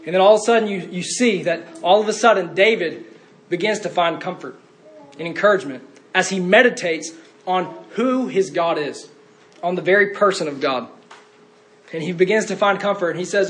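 High-voiced earnest male preacher. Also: normal speed, a bit bright. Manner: earnest, rising to fervent cries in quotes. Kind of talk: sermon.

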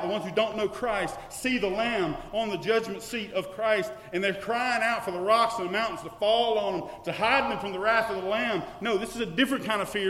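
Man preaching in an echoey hall. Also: high voice. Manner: dynamic, swings from loud declarations to hushed questions. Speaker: pastor. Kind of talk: sermon. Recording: echoey hall with long reverb.

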